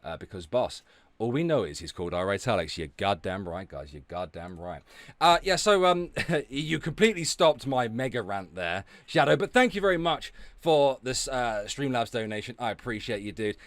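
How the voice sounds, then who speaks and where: A man streams live with a mid-range, sing-song voice at a moderate pace, the audio free of echo. He rants with heavy swearing and sarcasm, erupts loudly, and pauses to thank viewers for donations.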